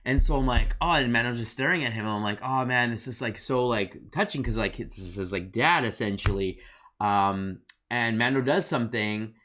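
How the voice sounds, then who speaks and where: A man co-hosting a review podcast in a casual chat, excitedly retelling scenes and acting out quotes, full of fillers. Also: medium pitch, moderate pace. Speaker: podcast co-host.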